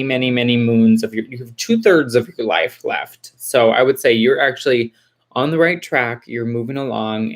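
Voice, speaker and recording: A woman in her forties from Texas hosts a relaxed livestream, talking straight to her viewers. She reads their comments aloud and answers with warm reassurance. Her speech is loose and rambling, with plenty of fillers and restarts. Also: a bass voice. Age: 40s. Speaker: livestream host.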